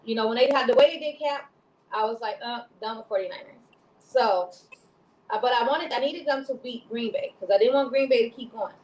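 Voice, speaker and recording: A woman's voice: a little high, fairly quick, a little mellow, reverberant, slight background noise, rough recording. A woman from Chicago co-hosting a casual talk show, rambling and laughing often. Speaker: co-host. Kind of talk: casual chat.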